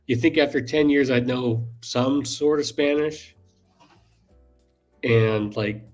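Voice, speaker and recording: A man's voice: medium pitch, slow, darkish tone, faint music behind. A man with a mid-range voice hosts a knife channel's casual livestream. He talks candidly and swears freely.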